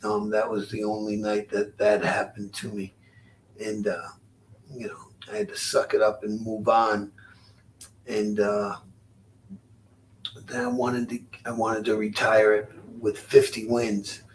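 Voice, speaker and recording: A man in his sixties, a former boxer, telling stories as an interview guest in a halting, rueful way, often repeating his words. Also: lowish voice, monotone, distant mic, slight background noise. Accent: Rhode Island. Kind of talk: storytelling interview.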